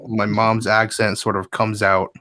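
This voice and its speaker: A man's voice: lowish voice, little pitch movement, unhurried, sharp tone. A man joking and wisecracking in a casual podcast chat. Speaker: podcast panelist.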